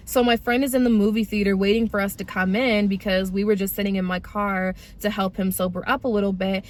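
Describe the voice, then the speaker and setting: A woman's voice: medium pitch, brisk, hardly any pauses, a little mellow. A young woman speaking candidly and conversationally to her viewers as she tells her own testimony in a casual vlog. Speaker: vlogger sharing a personal testimony.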